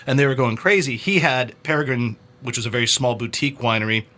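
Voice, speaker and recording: A man hosting a podcast, telling an anecdote in an animated, casual way. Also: medium pitch, quick pace. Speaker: podcast host. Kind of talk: casual chat, storytelling.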